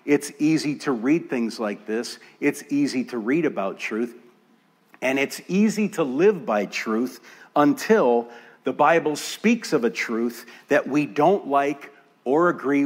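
Male pastor, sermon delivery, measured and emphatic, mid-range voice, stacks repeated phrases for weight. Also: medium pitch. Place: church.

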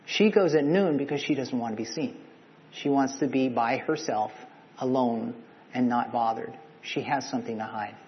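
A man's voice: medium pitch, moderate pace, long reverb tail, dull audio, a little hiss or hum. A man preaching a sermon, talking it through in a conversational way and asking his listeners questions.

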